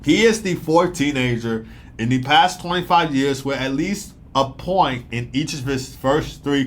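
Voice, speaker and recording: A young man giving a casual, rambling hockey game recap, talking fast with lots of fillers and excited bursts. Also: mid-range voice. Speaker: sports commentator.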